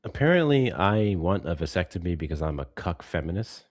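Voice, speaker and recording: A man's voice: low-pitched, big pitch swings, fairly quick, no echo. A man co-hosting a casual live-stream chat, making dry, wry remarks.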